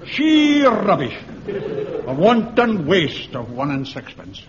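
A dour grumbling soldier. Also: male voice, high voice, wildly swooping pitch, slow, heavily acted. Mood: scornful. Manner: scornful, grumbling. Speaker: dour home guard private. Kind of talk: 1960s radio comedy acting. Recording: muffled old radio recording with hiss and audience.

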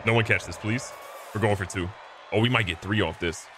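A man giving casual, excitable gameplay commentary, joking at himself and talking to his players. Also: lowish voice, a little fast, noisy background. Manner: excitable, self-mocking, talks to the players. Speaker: gaming video host.

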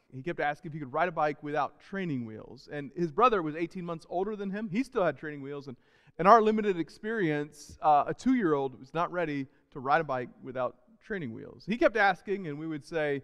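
Animated man preaching in a reverberant hall. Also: fairly high pitch, smooth. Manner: animated storytelling, quoting family with shifting voice. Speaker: pastor. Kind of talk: sermon with personal story. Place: church hall.

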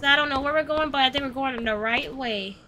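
A young woman gives live game commentary, exclaiming and talking straight to her viewers. Her voice sits very high and sounds sharp and bright. A faint hiss runs underneath. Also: quick pace. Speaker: streamer.

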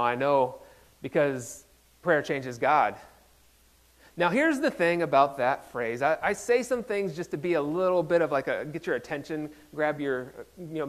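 Playful man preaching a casual sermon. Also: on the high side. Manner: playful, self-deprecating, with frequent restarts. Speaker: pastor.

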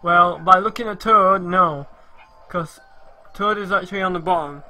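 A man's voice: high-pitched, normal speed, bright, forceful tone, faint music behind. A man co-hosting a game stream, chatting casually, teasing and playing dumb for laughs. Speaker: co-host.

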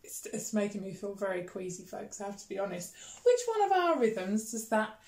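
A woman music teacher with a British accent leading a children's rhythm lesson, chanting words slowly with gasps and playful disgust. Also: medium pitch, echoey room. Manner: animated storytelling, gasps and exaggerated disgust.

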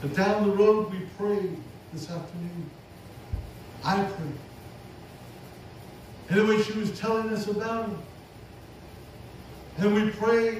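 A man's voice: high voice, darkish tone, a little hiss or hum. A man preaching a sermon, punctuating his points with amen and hallelujah. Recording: echoey hall recording from far off.

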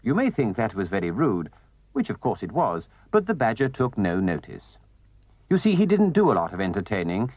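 A man narrating a children's storybook with gentle, expressive delivery. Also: on the low side, normal speed, dry recording.

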